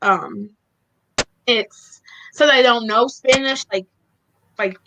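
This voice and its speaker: High bright woman, giggly, lots of ums, slow, bit of background hiss. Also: lo-fi sound. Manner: giggly, hesitant, lots of fillers. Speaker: co-host. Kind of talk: casual chat.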